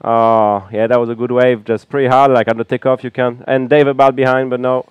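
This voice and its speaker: A man with a French accent gives loose, filler-heavy live commentary from a small booth at a beach event. His voice is smooth and clear at a middle pitch. The sound is close and dry. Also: fairly quick, no echo, muffled recording. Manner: relaxed, chatty analysis with frequent fillers. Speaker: color commentator.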